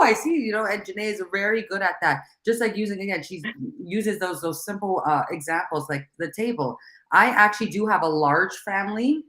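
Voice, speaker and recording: A woman in casual conversation, talking animatedly in quick bursts with restarts. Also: on the low side, fairly bright tone. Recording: echoey room.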